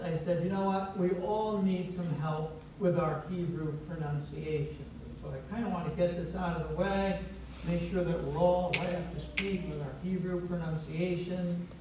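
A male pastor with a high-pitched, darkish voice preaches playfully in a teaching style, prompting his congregation to echo words back to him. The recording, made in a church sanctuary, is distant and rings with heavy reverb over a faint hiss.

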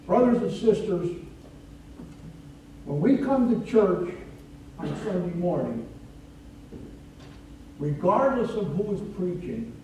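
A man preaching a sermon in a church, slow and deliberate, rising in force for emphasis. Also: sits high, very animated, warm tone, slight background noise. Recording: echoey room from a distance.

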